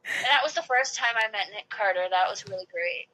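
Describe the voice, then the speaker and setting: A woman in her late 20s or older tells a long personal story in casual chat, her medium-pitched voice animated, brisk, and sharp on a rough recording. She's chatty, says "like" a lot, and acts out what people said.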